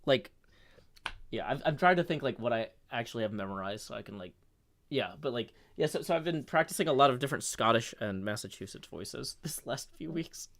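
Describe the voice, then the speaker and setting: A man chatting casually on a live stream, rambling and full of hesitant fillers. His pitch moves lively up and down while he talks. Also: brisk, gravelly. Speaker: streamer and host.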